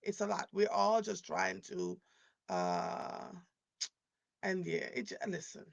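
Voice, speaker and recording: A woman's voice: on the low side, big pitch swings, slow pace, creaky, dull audio. A woman in her fifties hosting a live stream, chatting casually and rambling through stories with frequent restarts. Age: 50s. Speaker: live show host.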